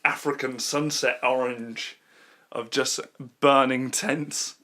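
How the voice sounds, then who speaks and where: A young man co-hosting a podcast, with a bright, forceful voice. He chats casually and tells stories in an animated, incredulous way. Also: mid-range voice, slow. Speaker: podcast co-host. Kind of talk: casual chat.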